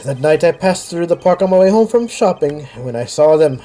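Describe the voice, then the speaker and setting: A man's voice: on the high side, expressive, a little fast, mellow, faint music behind, natural voice. A man voicing a pompous young male student witness who talks in overblown, wordy phrases with a put-on accent. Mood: narrating.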